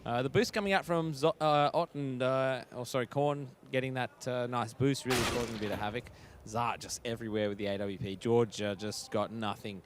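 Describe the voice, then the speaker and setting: A man's voice: mid-range voice, fairly quick, few pauses, slight background noise. A man giving joking, self-mocking color commentary on a competitive shooter match. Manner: wry, self-mocking, chatty.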